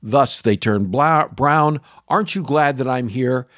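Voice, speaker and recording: A middle-aged man hosting a podcast, telling a casual story about lawn care with animated swings into high exclamations. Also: unhurried, no room sound, clean studio sound.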